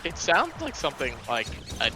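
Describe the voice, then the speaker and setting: A man's voice: a little high, huge pitch swings, fairly quick, over music. A man co-hosting a game playthrough, chatting casually and riffing on silly ideas. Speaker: let's play co-host. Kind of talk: casual gaming chat.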